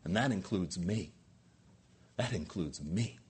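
Male pastor, husky voice, lively swooping delivery, preaching with emphatic rhetorical questions. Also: low voice, slow pace. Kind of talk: sermon.

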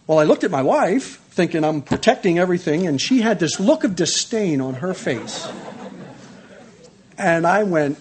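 A man telling a personal testimony in a lively storytelling manner, acting out quotes and laughing often. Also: sits high, normal speed, breathy edge. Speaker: speaker sharing a testimony.

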